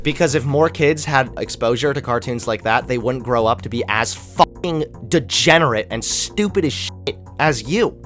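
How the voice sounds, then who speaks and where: A man's voice: mid-range voice, moderate pace, a bit bright, soft background music. A young man hosting a political commentary channel, ranting sarcastically with lots of swearing and mock outrage.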